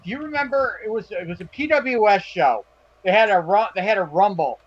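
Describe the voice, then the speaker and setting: A man's voice: high voice, lively intonation, fairly quick, highs cut off. A man co-hosting a casual chat, rambling through memories and searching aloud for names.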